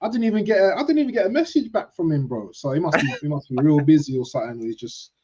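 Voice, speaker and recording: A man's voice: a little high, lively intonation, fast, noisy background. A man co-hosting a casual football livestream, laid-back and slangy. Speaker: co-host. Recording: dull, muffled remote audio.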